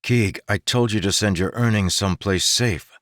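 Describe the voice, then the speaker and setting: A man's voice: fairly low pitch, normal speed, fairly bright tone, no echo, studio quality, natural voice. A man doing an earnest young bridgeman. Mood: weary concern. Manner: pleading, ordering under fire.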